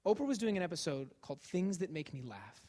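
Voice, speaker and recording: Male lecturer, high voice, animated comic storyteller who acts out the people he quotes. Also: fast talker. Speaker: guest lecturer and author.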